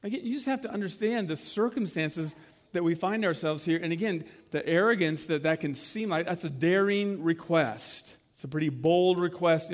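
A man with a fairly high voice preaches in a church. He talks to his listeners directly and conversationally. He retells scenes in his own words and asks them rhetorical questions. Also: in a large hall. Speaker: pastor. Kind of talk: sermon.

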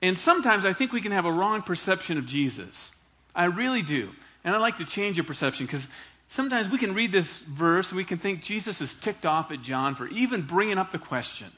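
A man preaching a sermon in a conversational, animated way, asking the congregation for responses and acting out quoted voices with big swings in pitch and loudness. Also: fairly quick. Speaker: pastor.

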